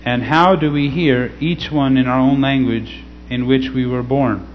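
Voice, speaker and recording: A man reading scripture slowly and teaching in a casual way, often checking in with "okay?". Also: mid-range voice, fairly even intonation. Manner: slow, deliberate scripture reading. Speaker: pastor. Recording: slightly dull recording with faint hum.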